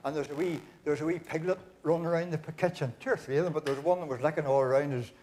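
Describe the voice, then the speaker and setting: High-voiced Northern Irish man telling jokes. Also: steady tone, rapid-fire, a little mellow, a little hiss or hum. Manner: folksy storyteller, acts out the quoted voices. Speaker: concert compere. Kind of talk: live joke-telling to an audience. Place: church hall concert, live audience.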